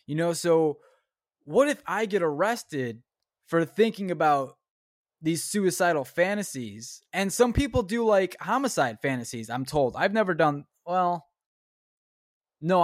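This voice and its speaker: A man's voice: a little high, animated, moderate pace, no echo, clean studio sound. A man hosting a solo podcast, thinking aloud in a rambling, profane way and reading search results aloud. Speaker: podcast host. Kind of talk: casual solo podcast talk.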